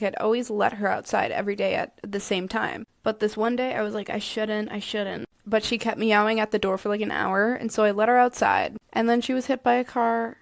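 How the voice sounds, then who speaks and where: A young woman telling personal stories in a deadpan, matter-of-fact way. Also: mid-range voice, gravelly, no room sound, clean studio sound. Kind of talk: storytelling video.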